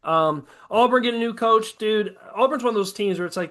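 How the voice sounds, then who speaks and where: A man with a high, light voice holds forth in loose podcast chat. He swears freely, rants with gusto and slips into mocking put-on quotes to make his points. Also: brisk. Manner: profane, animated ranting with mocking quoted asides. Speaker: podcast co-host. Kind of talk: casual sports chat.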